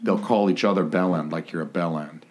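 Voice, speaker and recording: A man's voice: sits low, fairly even intonation, fairly quick, a little mellow. A man hosting a podcast in casual chat, crude and joking, rambling with fillers. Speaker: podcast host.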